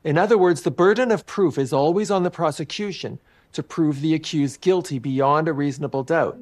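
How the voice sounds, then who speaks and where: Man, legal expert, interview, precise, explanatory, slightly higher voice. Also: a little fast, darkish tone.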